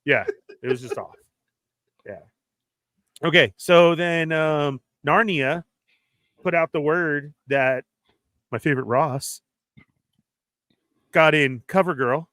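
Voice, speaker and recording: A man hosting a casual chat about toy figures, telling animated stories and acting out what others said. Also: a little high, takes it slowly, pauses often, no echo, clean studio sound. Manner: animated storyteller, acts out quoted exchanges. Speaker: podcast host.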